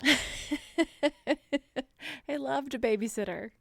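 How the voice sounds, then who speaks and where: Podcast co-host, woman, mid-pitch, easygoing, laughs a lot, dry close sound. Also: takes it slowly, vocal fry, no echo. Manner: relaxed, laughs often, short agreeing replies. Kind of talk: casual chat.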